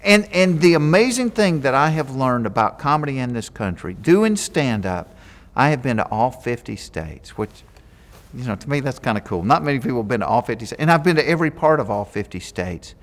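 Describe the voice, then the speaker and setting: Southern US comedian in an interview, lively pitch, reverberant room. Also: male voice, brisk. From Georgia, US. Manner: animated, jokey, acts out quotes. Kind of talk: interview storytelling.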